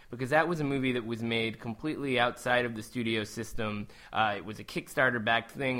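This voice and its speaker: A man's voice: mid-range voice, pushed and bright. A man hosting a podcast, chatting casually and thoughtfully about films. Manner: thoughtful, conversational, restarts when building a point. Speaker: podcast host.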